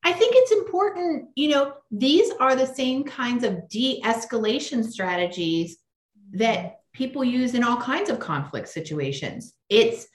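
Higher-voiced woman host, echoey room. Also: big pitch swings. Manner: pragmatic, brisk and direct. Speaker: podcast host. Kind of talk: conversational podcast interview.

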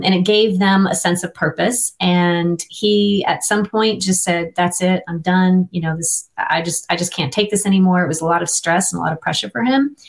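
A middle-aged woman, an interview guest, sharing a personal faith testimony in an earnest, vivid storytelling manner. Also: medium pitch.

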